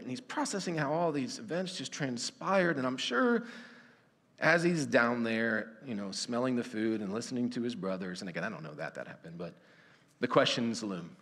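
A man's voice: mid-range voice, expressive, normal speed, a bit bright. A man preaching a sermon in an earnest, conversational way, with frequent restarts. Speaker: pastor. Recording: long reverb of a church hall.

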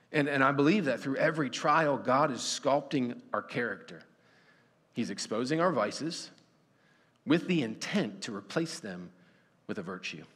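Earnest preacher in a reverberant hall. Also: male voice, medium pitch, a bit bright. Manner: earnest, conversational, many restarts and fillers. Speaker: pastor. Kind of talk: sermon. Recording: long reverb of a church hall.

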